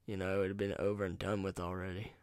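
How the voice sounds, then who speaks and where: A man's voice: deep voice, completely flat delivery, quick pace, a little mellow, clear, resonant tone, no room sound, clean studio sound. A man hosting his own solo podcast, rambling in a casual, profane, laid-back way into a USB microphone at home. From North Carolina. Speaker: podcast host.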